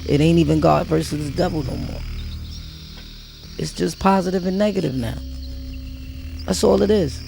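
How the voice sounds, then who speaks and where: A man's voice: on the high side, moderate pace, vocal fry, long pauses, mellow, faint music behind. A man vlogging, delivering an emphatic, preachy motivational rant full of street slang and repeated phrases.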